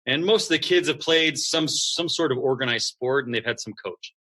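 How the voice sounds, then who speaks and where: A man's voice: mid-range voice, moderate pace. A man who founded a school, talking casually as a podcast guest and acting out what students and coaches say. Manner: lively, acts out quoted students and coaches. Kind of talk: casual interview conversation.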